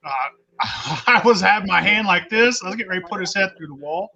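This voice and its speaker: Male storyteller, high and bright-edged, profane and unpolished, muffled lo-fi sound. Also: lively intonation, brisk, vocal fry. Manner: blunt, heavy cursing, rambling restarts. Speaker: storyteller on a talk stream. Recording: dull lo-fi recording.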